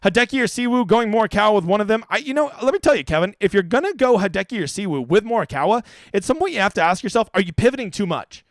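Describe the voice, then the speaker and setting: A man with a high, lively voice runs a casual live-stream Q&A, reading out chat questions and answering them bluntly, swearing now and then. He talks close to the mic in a dry, dead room with no echo. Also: quick pace, hardly any pauses. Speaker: fantasy golf streamer.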